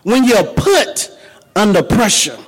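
A man preaching a sermon, turning his talk to the congregation and building up to shouting. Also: sits high, very animated, slow pace, slightly rough, long reverb tail, poor audio.

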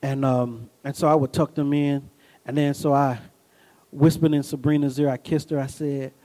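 A man's voice: mid-range voice, little pitch movement, normal speed, dark tone, poor audio. A middle-aged man preaching a sermon as pastor. He tells folksy stories with call-and-response asides and rises into bursts of emphasis.

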